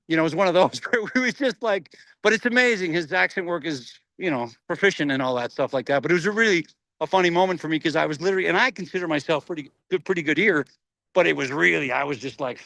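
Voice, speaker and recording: A middle-aged man, an actor guest in a casual interview, telling animated stories, laughing often and acting out voices. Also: fairly high pitch, fast, creaky, no echo.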